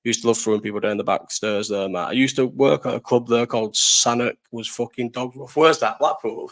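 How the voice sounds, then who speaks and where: A young man from Bolton in North West England, with a Lancashire accent, chats casually to viewers on a live stream, answering the live chat. He rambles, swears and laughs a lot, in a mid-range, fairly bright voice at a moderate pace.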